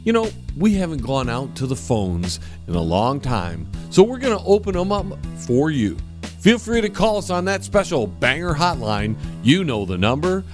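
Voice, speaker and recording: A man hosting a comedy call-in show, moving briskly from caller to caller. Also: fairly high pitch, music in the background. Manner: brisk and lively, moving quickly between callers. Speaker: radio show host.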